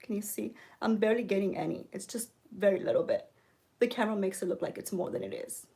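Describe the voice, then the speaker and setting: A woman giving a mock makeup tutorial, coaxing viewers with deadpan ironic influencer patter and frequent "okay?"s. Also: mid-range voice, fast, vocal fry. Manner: coaxing, keeps repeating "okay?". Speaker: beauty vlogger.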